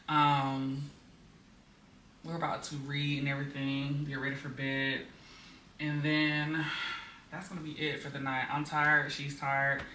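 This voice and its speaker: Young woman vlogger, casual and chatty; recorded from a distance in a roomy space with steady background noise. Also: low voice. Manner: chatty, venting with frequent fillers. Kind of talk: casual chat.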